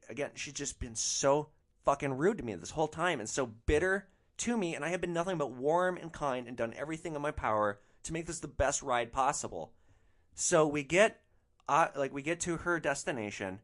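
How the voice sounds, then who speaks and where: A man hosting a podcast, telling rideshare stories in an animated, profane, exasperated way. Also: medium pitch. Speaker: podcast host, rideshare driver. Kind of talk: comic storytelling.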